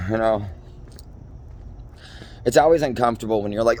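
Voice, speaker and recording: Brisk but pausing often, this forties-aged Minnesotan vlogger has a mid-range, darkish voice with slight background noise. He rambles through a theatrical, campy improvised comedy routine while walking outside on city streets.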